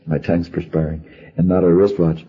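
An older man, a former radio actor, telling a wry funeral anecdote in an unhurried storytelling manner, on an archive recording. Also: deep voice, flat delivery, dull audio.

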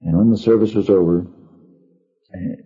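An older man, a former radio actor, telling a wry funeral anecdote in an unhurried storytelling manner, on an archive recording. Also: fairly low pitch, fairly even intonation, dark tone, dull audio.

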